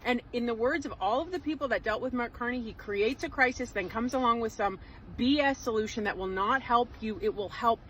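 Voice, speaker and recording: A woman's voice: on the high side, brisk, a bit bright, a little hiss or hum, rough recording. A woman, giving emphatic, sarcastic political commentary in a vlog. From Canada.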